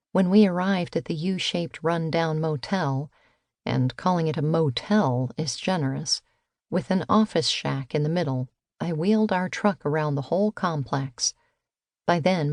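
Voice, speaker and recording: Low-voiced woman narrating an audiobook. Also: measured pace, no echo, clean studio sound. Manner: lively storytelling, voices the quotes.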